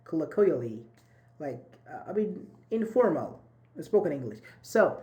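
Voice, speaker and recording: A man with a warm, sing-song voice on the high side speaks a little slowly while teaching a live online English grammar class over video call. He encourages his students and repeats and rephrases each point.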